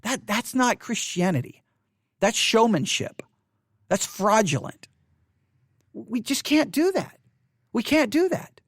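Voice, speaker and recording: A man's voice: high voice, big pitch swings, slow, pauses often, fairly bright tone, no echo, clean studio sound. Earnest man pleading. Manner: earnest and pleading, with emphatic repeated phrases. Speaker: podcast host. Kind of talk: impassioned commentary. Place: home studio in Texas.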